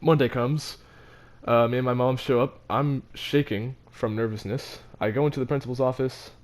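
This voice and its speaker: Speaking at a normal speed and an ordinary middle pitch, a teenage vlogger recounts something that happened to him in a relaxed, offhand way. His tone stays steady, though he keeps restarting sentences and laughs between phrases.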